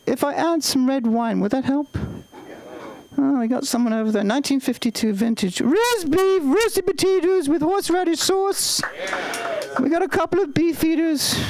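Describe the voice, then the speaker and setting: A man's voice: very high-pitched, animated, normal speed, darkish tone, pitched above the performer's own voice, poor audio. A man putting on a prim elderly British queen. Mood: regal.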